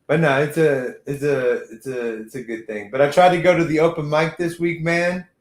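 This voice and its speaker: A man's voice: on the high side, fairly even intonation, normal speed, echoey room. A man from Texas in his thirties, rambling and swearing through a casual chat as a podcast host. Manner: rambling, profane, repeats himself.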